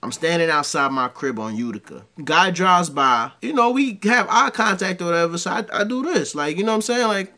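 A man's voice: high-pitched, a little fast, hardly any pauses. A middle-aged man, giving casual reaction commentary and telling stories in heavy slang. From New York. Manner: slangy, animated storytelling.

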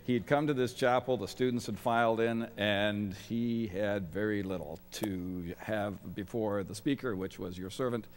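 A man's voice: lowish voice, moderate pace, hardly any pauses. Middle-aged guy preaching at a college chapel, dry self-mocking jokes, voice ringing through a big hall. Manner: wry, self-deprecating humor. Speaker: guest chapel speaker. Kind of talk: sermon. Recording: long reverb of a large chapel.

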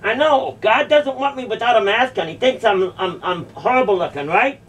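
A woman's voice: a little high, animated, moderate pace, recorded from a distance. A woman delivering a confrontational, mocking monologue, sarcastically repeating phrases back. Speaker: video creator confronting a church.

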